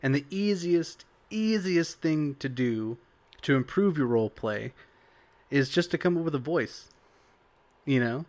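This young man co-hosts a casual podcast about tabletop role-playing, rambling along with plenty of "like" and "you know." His voice is fairly high with lively intonation and a darkish tone, and he speaks unhurriedly.

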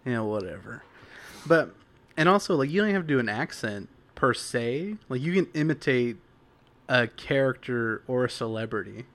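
A man's voice: mid-range voice, animated, normal speed, fairly bright tone. A young man co-hosting a casual talk about tabletop role-playing, rambling with lots of fillers. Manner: rambling, full of "like" and "you know". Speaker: podcast co-host.

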